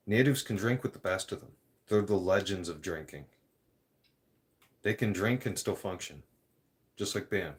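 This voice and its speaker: A man ranting in a vlog, blunt and profane, rambling and restarting his sentences. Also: deep voice. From Canada. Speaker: vlogger.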